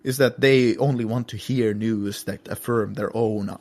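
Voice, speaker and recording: A man's voice: fairly low pitch, steady tone, measured pace, darkish tone. Male podcast guest, casual and rambling with restarts. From Finland. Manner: rambling, many restarts, mocking put-on voices when quoting.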